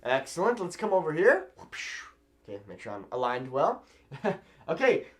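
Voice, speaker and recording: Animated male language teacher. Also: on the high side. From California. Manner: animated, repeats phrases slowly for learners. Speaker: Spanish teacher. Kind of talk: video language lesson.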